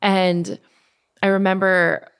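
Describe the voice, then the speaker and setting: A woman's voice: medium pitch, flat delivery, slow pace, clear, resonant tone. A young adult woman telling her story as a guest in casual conversation, chatty, with lots of fillers. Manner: chatty, many fillers, acts out quoted speech.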